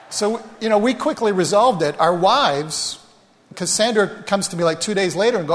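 A man's voice: sits high, normal speed, some chatter behind. A man preaching a sermon as pastor, telling personal stories in a conversational, self-deprecating way and speaking straight to the congregation. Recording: reverberant hall sound.

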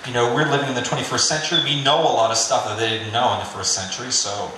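A pastor preaches a sermon in a conversational, joking manner, peppering it with "you know." His medium-pitched voice is fairly even in intonation, quick, bright and forceful, recorded in a very echoey room with slight background noise.

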